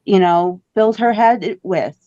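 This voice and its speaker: A woman's voice: medium pitch, moderate pace, dark tone, no echo, lo-fi sound. A woman chatting casually as a tarot-reading co-host, rambling and repeating her words. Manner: rambling, repeats words, quotes people in little voices.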